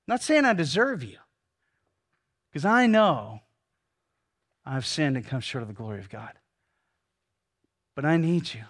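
A man in his sixties preaching a sermon, earnest, swinging between fervent pleading and slow, soft prayer. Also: on the high side, very animated. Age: 60s. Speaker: pastor. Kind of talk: sermon leading a congregational prayer.

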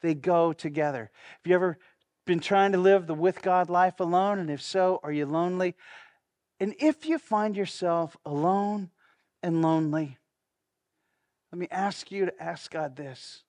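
A man's voice: high voice, a little slow, darkish tone, dry recording, clean studio sound. A man preaching a sermon as pastor, earnest, leading the congregation in repeating lines. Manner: earnest, leads congregation in call-and-response.

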